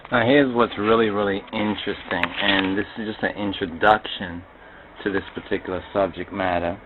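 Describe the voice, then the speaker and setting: A man with a low voice gives a rambling spoken lecture, circling back and repeating his phrases. The recording sounds thin and phone-like, with a faint hiss underneath. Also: steady tone, moderate pace. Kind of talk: religious history lecture. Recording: tinny phone-like audio with faint noise.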